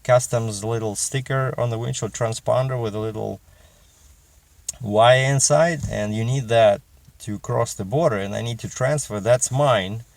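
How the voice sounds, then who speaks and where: A man's voice: fairly low pitch, vocal fry, darkish tone, dry recording. A middle-aged man with a Russian accent, chatting in a casual vlog as a truck driver and rambling with many fillers and restarts.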